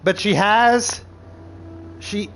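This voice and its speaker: A high-sitting male voice speaks very slowly as a show reviewer delivers a casual, profane recap, full of exasperated, animated rants and acted-out quotes. The audio is poor, with slight background noise.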